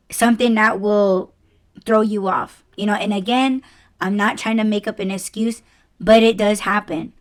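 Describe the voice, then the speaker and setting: A woman hosting a solo podcast, talking bluntly and casually, swearing freely and using lots of fillers. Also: mid-range voice. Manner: conversational, with fillers like "like" and "you know". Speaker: podcast host.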